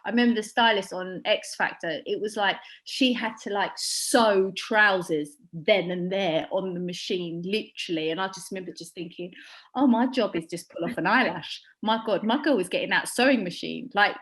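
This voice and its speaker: A woman, a makeup artist, talking casually in an interview, blunt and animated, swearing freely and acting out quotes as she tells stories. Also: medium pitch, normal speed.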